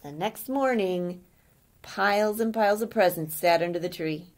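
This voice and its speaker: A woman reading a children's story aloud gently, pausing to ask the listener questions. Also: fairly low pitch.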